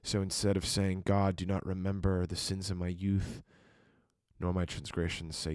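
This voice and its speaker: Hushed, slow-speaking deep-voiced man preaching. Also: little pitch movement, creaky, no echo, studio quality. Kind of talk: quiet devotional sermon.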